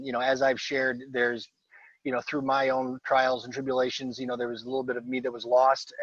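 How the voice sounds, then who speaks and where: A man with a mid-range voice rambles sincerely, filling pauses with ums and you-knows. The call audio is dull and dry. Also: medium pitch, dry recording. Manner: rambling, many fillers. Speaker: group call participant. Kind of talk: casual heartfelt tribute. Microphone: video call.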